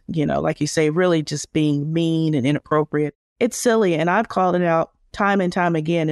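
A woman's voice: on the low side, no echo, clean studio sound. A woman HR consultant answering as an interview guest, speaking in an assertive, emphatic way.

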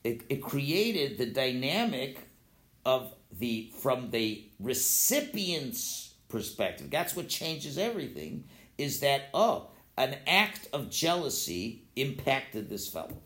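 Male teacher, informal Torah class, expressive delivery with plenty of restarts, roomy echo. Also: medium pitch, takes it slowly. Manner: animated, acts out quoted voices, restarts often. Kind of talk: informal Jewish philosophy class.

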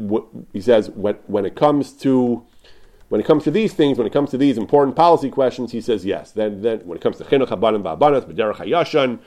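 Man animatedly retelling rabbinic rulings. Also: medium pitch. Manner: animated retelling, repeats "he says", frequent restarts. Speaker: Torah lecturer. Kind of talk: informal lecture retelling rabbinic responsa.

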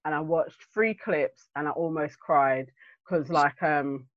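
A man's voice: a little high, slow, no echo. Dramatic man, dull lo-fi sound. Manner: dramatic, self-mocking. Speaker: podcast co-host. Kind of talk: casual chat.

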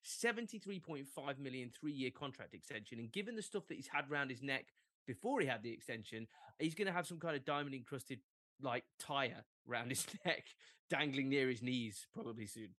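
Young English man, sports podcast co-host, animated and jokey, dry close sound. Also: mid-range voice, normal speed, no room sound. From England. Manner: animated, jokey, fond of asides. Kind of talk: casual chat.

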